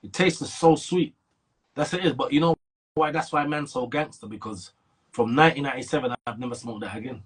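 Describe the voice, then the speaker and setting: A middle-aged man from Brixton with a South London accent, telling his story in a casual interview with animated street talk and sudden jumps in pitch when he stresses a point. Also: fairly quick, breathy edge. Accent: South London, London slang. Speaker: interview guest.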